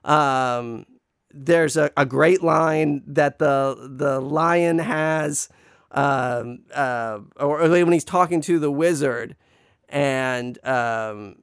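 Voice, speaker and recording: A man's voice: fairly high pitch, extremely slow, fairly bright tone, smooth, no echo, clean studio sound. A man casually reviewing a movie, rambling with many fillers and restarts, wryly griping. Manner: wry, playfully griping. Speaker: film reviewer.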